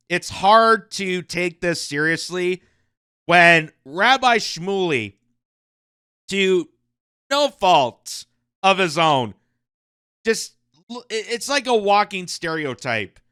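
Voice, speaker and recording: Animated, mocking high-voiced male commentator. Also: smooth, no room sound, studio quality. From Canada. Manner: animated, mocking, laughs between points. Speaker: commentary channel host. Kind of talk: opinion commentary on news.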